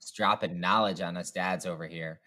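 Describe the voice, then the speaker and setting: A man's voice: low voice, fairly even intonation, moderate pace, pushed and bright. A man hosting a casual sports podcast, upbeat and chatty with lots of filler words. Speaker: podcast host.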